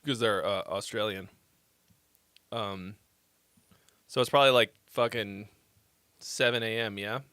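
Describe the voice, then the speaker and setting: A man's voice: fairly low pitch, steady tone, a little slow, long pauses, pushed and bright, clean tone, no room sound, clean studio sound. A man hosting a song-feedback livestream in a rambling, profane, joking casual chat. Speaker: host giving song feedback.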